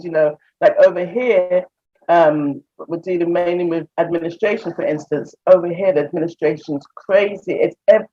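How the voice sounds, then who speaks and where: A woman's voice: on the low side, dark tone. Chatty English woman, muffled sound. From England. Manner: chatty, laughs often, acts out conversations. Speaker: interview guest, counselor. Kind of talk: casual video-call interview. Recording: muffled lo-fi audio.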